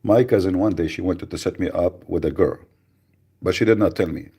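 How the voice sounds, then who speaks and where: A man hosting a live radio show, chatting casually with mocking, rambling, deadpan asides. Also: deep voice, a little fast, breathy edge. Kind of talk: casual joking livestream chat.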